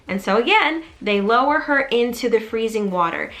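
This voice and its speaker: A woman's voice: a little high, lively intonation, moderate pace, a bit bright. A woman casually retelling a movie plot in a chatty, enthusiastic vlog. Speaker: movie storyteller vlogger.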